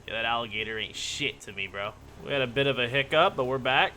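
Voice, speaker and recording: A man's voice: medium pitch, fast, few pauses, very noisy. A man giving casual, joking gaming commentary, rambling and yelping when startled. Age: adult. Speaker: gaming YouTuber.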